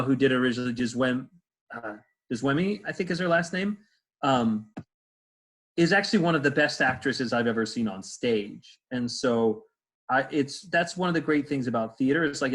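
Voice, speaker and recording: Male stage actor, easygoing and rambling, mid-pitched voice, heard over a video call. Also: a bit bright, rough recording. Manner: rambling, many fillers and restarts. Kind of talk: casual interview answers.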